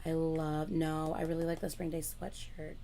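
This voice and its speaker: A woman hosting a casual livestream, chatting excitedly and laughing loudly between lines. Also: low voice, normal speed, vocal fry, a little hiss or hum. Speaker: livestream host.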